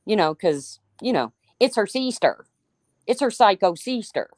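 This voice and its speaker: A woman's voice: medium pitch, big pitch swings, unhurried, darkish tone, dry recording, studio quality. A woman hosting a livestream, ranting heatedly with lots of swearing and calling out chat viewers by name. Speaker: livestream host.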